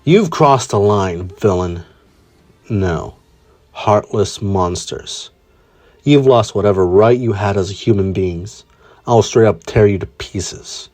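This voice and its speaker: A man voicing an angry young male super-soldier hero in a fan story, speaking in a low, seething, intense way. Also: expressive, a little slow, darkish tone.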